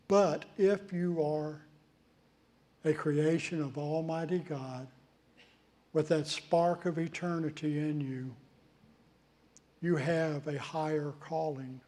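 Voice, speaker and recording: Male pastor, unhurried sermon delivery with deliberate pauses, warm and soft timbre. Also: a little high. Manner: measured preaching with deliberate pauses. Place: church.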